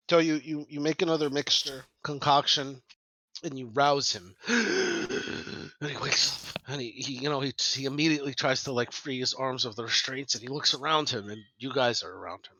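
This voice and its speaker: A man's voice: mid-range voice, normal speed, bright, forceful tone, no echo, rough recording. A man narrating a tabletop role-playing game as game master, rambling with many restarts.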